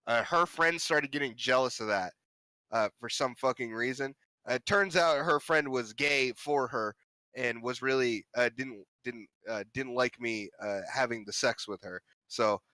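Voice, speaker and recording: Brief: young male co-host, bright edgy tone, dry mic, rambling swearing storyteller. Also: medium pitch, dry recording. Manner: profane, rambling, shouts in mock rants. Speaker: podcast co-host. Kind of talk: casual storytelling chat.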